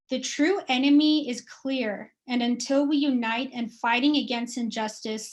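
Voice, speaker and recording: A woman with a high voice reads a prepared statement as an activist speaker. Her delivery is forceful and declarative, each demand stated firmly.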